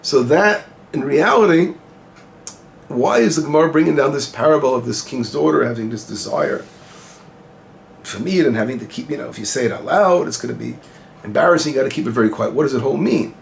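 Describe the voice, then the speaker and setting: A man's voice: mid-range voice, lively intonation, a little fast, creaky, slight background noise. A male rabbi giving an informal Torah lesson, explaining Hebrew phrases and translating them as he goes, asking questions and answering them himself. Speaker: rabbi teaching the weekly Torah portion.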